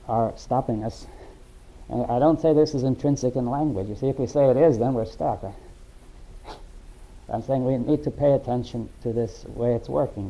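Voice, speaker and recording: A man in a philosophical discussion, talking haltingly and often checking in with "right?" and "you see". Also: medium pitch, dark tone, low-quality recording. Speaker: discussion participant.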